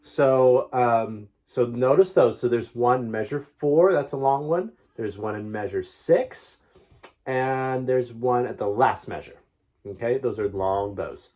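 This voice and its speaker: A man's voice: mid-range voice, takes it slowly, dark tone. A man teaching a violin lesson, patiently explaining step by step with encouraging asides. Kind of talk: music lesson.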